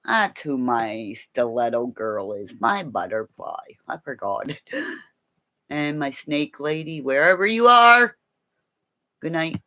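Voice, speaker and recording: A woman from Canada talks on a late-night livestream in a playful, rambling way. Her voice sits low yet sounds bright and edgy, with wild swings in pitch. She goes from loud calls to quiet mutters at an unhurried pace. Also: very animated.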